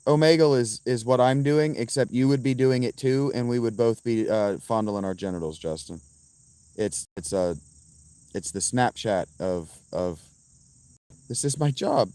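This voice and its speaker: A man livestreaming outdoors and answering his chat in a profane, combative, quick-tempered way. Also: medium pitch, mellow, smooth, no room sound. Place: outdoors by a fountain.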